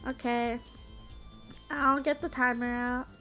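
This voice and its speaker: A woman in her twenties talks casually to her stream chat in a high, bright, sharp-edged voice. She fills her speech with "like" and a questioning "yeah?". Soft music plays quietly underneath. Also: level tone, takes it slowly. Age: 20s. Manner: chatty, peppers speech with "like" and "yeah?".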